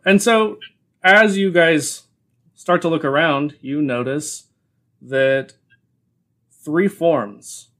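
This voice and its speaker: Slow-talking bright game master. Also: male voice, a little high. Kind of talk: narrating a tabletop game.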